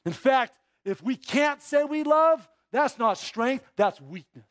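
A man preaching a sermon as pastor, dropping to hushed low asides and rising into emphatic exhortation, with rhetorical questions to the congregation. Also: lively intonation, slow pace.

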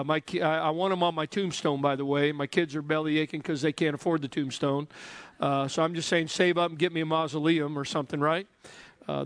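A man's voice: on the high side, fairly bright tone, dry recording. Joking, conversational male preacher. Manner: joking, conversational, prompts the congregation. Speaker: pastor. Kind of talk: sermon.

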